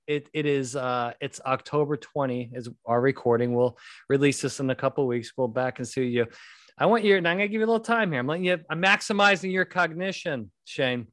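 A man's voice: on the high side, brisk, a bit bright, no room sound, studio quality. A middle-aged man hosting a podcast, chatting casually and telling rambling, self-deprecating stories with jokes. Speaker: podcast host. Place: home podcast studio.

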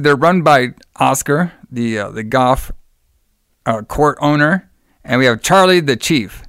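A young man chats casually on a podcast, recapping a film scene by scene and slipping into the characters' voices as he goes. His voice sounds smooth and clear. The room sounds dry and close. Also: medium pitch, no room sound. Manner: animated storytelling, acts out characters' lines. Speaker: podcast co-host recapping a movie. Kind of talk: casual chat.

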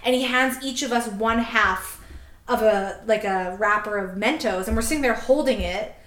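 A woman in her twenties from Canada, chatting casually on a podcast and telling a story in an animated way, acting out quotes. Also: fairly high pitch, roomy sound. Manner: animated, quick, laughing asides, acts out quotes. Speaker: podcast co-host.

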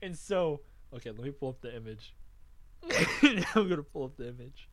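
A man's voice: mid-range voice, normal speed, no room sound. A young man chatting casually as a podcast host, telling stories with lots of swearing and acting out quoted lines. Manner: animated storyteller, swears freely, acts out quotes. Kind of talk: casual chat.

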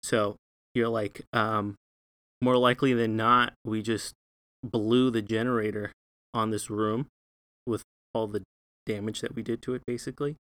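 A man's voice: lowish voice, level tone, a little slow, fairly bright tone, dry recording. A man narrating as game master, talking loosely with many fillers and asides.

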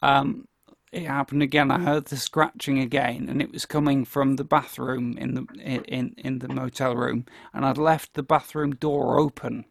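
A man co-hosting a podcast, telling an anecdote in a lively way and laughing often. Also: medium pitch, moderate pace, creaky, no room sound, studio quality. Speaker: podcast co-host. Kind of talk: casual chat, storytelling.

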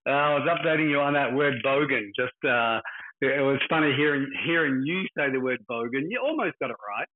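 A man's voice: mid-range voice, lively intonation, a little fast. A man from Australia with an Australian accent, calling in to a live show and chatting casually in a blunt, crude, joking way. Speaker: caller. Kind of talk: casual chat. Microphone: remote call-in line. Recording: tinny phone-like call line.

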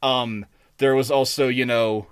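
A man with a voice in the middle of the usual range co-hosts a casual podcast, telling an animated story at a chatty clip. His voice is recorded dry and close, with no room sound. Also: medium pitch, unhurried, smooth, no echo. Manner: animated storyteller, acts out quotes. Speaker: podcast co-host.

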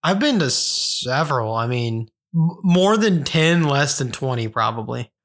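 A man's voice: mid-range voice, expressive, unhurried, fairly bright tone. A man co-hosting a podcast, talking in profane, goofy banter as casual chat. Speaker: podcast co-host.

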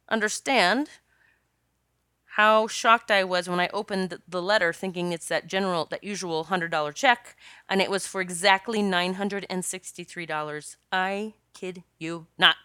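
A woman's voice: lowish voice, steady tone, normal speed, pushed and bright, smooth, dry recording, clean studio sound. A woman hosting her own podcast as a spiritual coach, telling a personal story in a chatty, rambling way with many restarts and laughs. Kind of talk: casual solo podcast storytelling.

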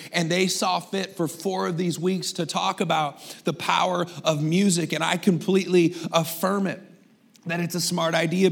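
High-voiced man preaching a sermon. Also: creaky. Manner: energetic, conversational preaching with rhetorical questions. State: losing his voice. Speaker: pastor.

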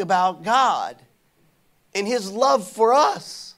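A pastor preaching a sermon, telling stories and calling on the congregation to answer back. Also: male voice, a little high, normal speed. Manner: animated preaching with call-and-response to the congregation; conversational storytelling.

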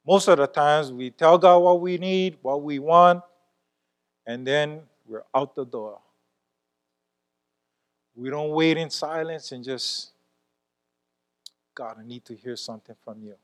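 Church elder, male, high-pitched, preaching an earnest, fervent sermon with call-outs to the congregation. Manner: earnest, repeatedly asks the congregation "Amen?"; builds to fervent, emphatic prayer.

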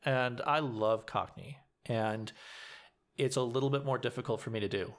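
A man's voice: medium pitch, normal speed. A man, a community theater actor giving advice in a casual interview, earnest and explanatory with frequent restarts.

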